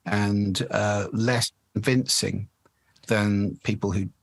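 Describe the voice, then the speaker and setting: A man's voice: lowish voice, fairly even intonation, slow pace, creaky, no room sound. A man, a voice expert explaining speaking habits in a podcast interview. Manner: articulate, explanatory, demonstrates voice effects.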